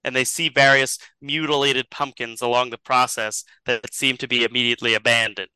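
Bright-voiced rambling storyteller man. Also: medium pitch, flat delivery, brisk, smooth, no room sound, low-quality recording. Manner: rambling, chuckles through the story. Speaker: storyteller, podcast host. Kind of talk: improvised comedic storytelling.

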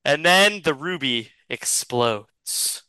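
A man narrating a tabletop game as game master in a slow, deadpan way. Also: a little high, smooth, no room sound, low-quality recording.

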